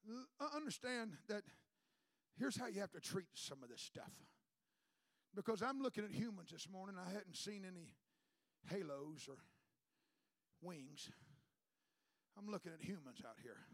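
A man preaching a sermon to his congregation, building to shouted climaxes and calling for a response. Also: high voice, very animated, unhurried, long pauses, dry recording, studio quality. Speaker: pastor.

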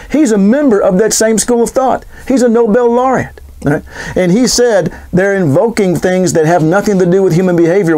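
A man giving a sarcastic, animated political commentary monologue full of rhetorical questions. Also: high-pitched.

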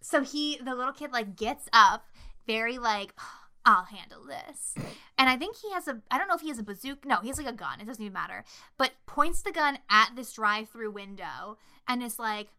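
A woman's voice: a little high, brisk. A woman co-hosting a casual podcast chat about movies, swearing freely and acting out the lines she quotes. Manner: swears a lot, animated retelling with quoted lines. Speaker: podcast co-host.

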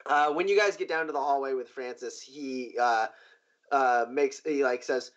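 A man narrating as game master in a tabletop game, halting with many fillers. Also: mid-range voice, dull audio.

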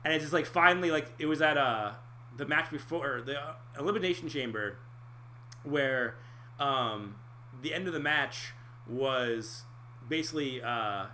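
A man's voice: mid-range voice, moderate pace, bright, forceful tone, a little hiss or hum. A man in a casual podcast chat who explains things in a rambling way, full of restarts, and swears casually.

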